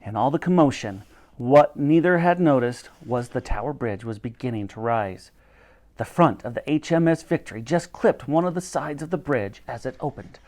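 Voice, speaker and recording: A man reading a children's novel aloud with a dramatic, animated delivery. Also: mid-range voice, normal speed. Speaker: storyteller.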